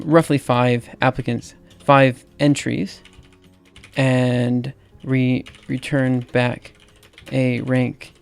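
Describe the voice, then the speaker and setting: Halting man with a Southern accent. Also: medium pitch, vocal fry, clean tone. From Alabama, US. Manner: halting, filler-heavy, laughs at himself. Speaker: livestreamer. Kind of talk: casual livestream chat while typing. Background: faint music and keyboard typing.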